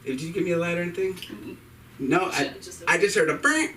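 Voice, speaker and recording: A man's voice: sits high, normal speed, recorded from a distance, crowd noise, low-quality recording. A man doing a rambling, irreverent stand-up set at an open mic, cursing freely. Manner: rambling, irreverent, profane delivery. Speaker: stand-up comedian. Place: comedy club stage.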